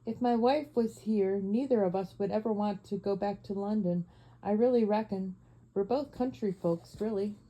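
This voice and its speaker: Humble Cockney cab driver, deferential, homely, darkly mellow , read by a woman. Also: medium pitch, normal speed, natural voice, low-quality recording. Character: humble working-class London cab driver, male.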